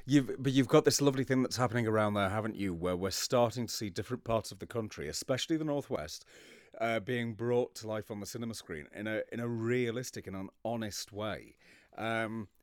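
A man's voice: fairly low pitch, fairly quick, no echo, clean studio sound. A man chatting casually about films, enthusing with hesitant restarts. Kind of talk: casual film chat.

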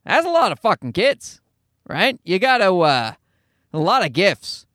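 A man in his thirties hosts a casual comedy podcast, ranting with plenty of swearing and bursts of mock voices. His voice sits high and leaps around a lot. The sound is dry and close, as from a small home studio. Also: measured pace, no room sound. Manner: animated, profane, ranting with acted-out voices.

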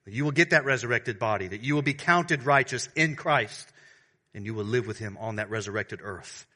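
A male pastor preaching a sermon, alternating between fervent, raised declarations and soft, hushed appeals to his congregation. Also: mid-range voice. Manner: swings from loud preaching to hushed tenderness; addresses the congregation as beloved.

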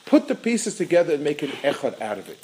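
A man delivers a Torah lecture in a fairly high, very animated voice. He stumbles over repeated words as he builds his point, then chants Hebrew verses and translates them. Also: rough recording. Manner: halting, repeats words while searching for phrasing. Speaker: rabbi.

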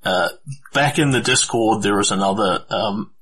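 A man narrating a tabletop game as game master in a deliberate, descriptive way. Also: lowish voice, fairly bright tone, breathy edge, low-quality recording.

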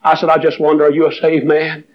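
An older man, preaching a revival sermon as he tells stories, rising into fervent high-pitched exhortation. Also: completely flat delivery, quick pace, slight background noise. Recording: muffled old sermon recording.

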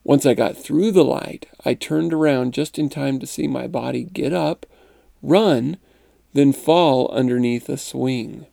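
Gravelly, mellow-voiced man reading aloud. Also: mid-range voice, no room sound, clean studio sound. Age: adult parent. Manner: calm, measured reading; chuckling, conversational commentary. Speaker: narrator and podcast host. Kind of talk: reading a first-person account aloud, then commenting.

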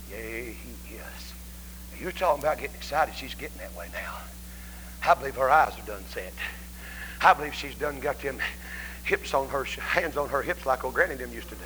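A man preaching a revival sermon in a Southern American accent, telling folksy stories and swinging from shouts down to hushed whispers in a church. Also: medium pitch, poor audio. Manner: folksy storytelling. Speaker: evangelist preacher. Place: church sanctuary. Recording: faint hum on a 1990s church tape.

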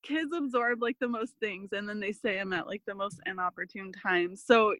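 A woman in her thirties, guesting on a podcast, tells family stories in casual interview chat full of fillers and animated quoting. Her voice is medium-pitched at a moderate pace, in a low-quality recording with no echo.

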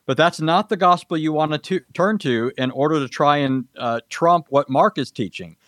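A man's voice: fairly high pitch, moderate pace, a bit bright, no echo. Precise man debating scripture, dry sound. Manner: precise, lecturing, cites scripture references. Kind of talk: formal debate answer.

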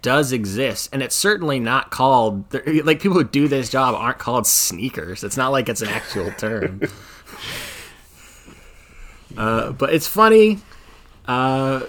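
A young man hosting a movie podcast in casual, animated chat, laughing often. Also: medium pitch. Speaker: podcast host.

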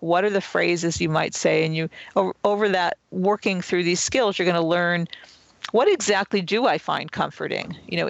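A man's voice: high-pitched, gravelly, a bit bright, no room sound, lo-fi sound. A man, the author, answering an interview question and patiently explaining self-help skills one step at a time. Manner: earnest, patient, step-by-step teaching. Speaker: author and guest.

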